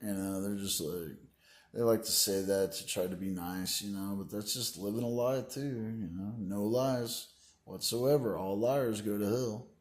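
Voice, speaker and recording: A man's voice: on the low side, steady tone, unhurried, a little mellow. A man talking in a rambling, grandiose monologue, filling his sentences with "you know" and "like" and preaching about his plans. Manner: meandering, full of "you know" and "like" fillers. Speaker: vlogger.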